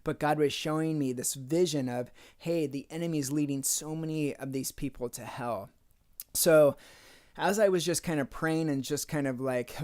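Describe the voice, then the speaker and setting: A man with a mid-range voice shares a personal faith testimony in a relaxed, conversational tone. He tells the story the way he would to friends, often slipping into what he and others said. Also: medium pitch. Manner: conversational, acts out quoted dialogue with "I'm like". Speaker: speaker sharing a faith testimony.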